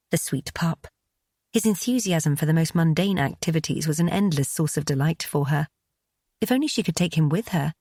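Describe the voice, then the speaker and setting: A woman narrating an audiobook in a measured, even storytelling delivery, recorded close on a studio mic. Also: low-pitched, husky, dry recording.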